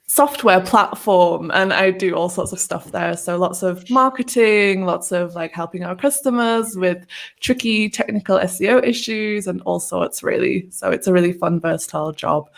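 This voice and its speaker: A woman's voice: mid-range voice, creaky. A woman from Northern England near Manchester with a Northern English accent, chatting casually as a guest on a video-call webinar. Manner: friendly, chatty, quick to laugh. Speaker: guest speaker.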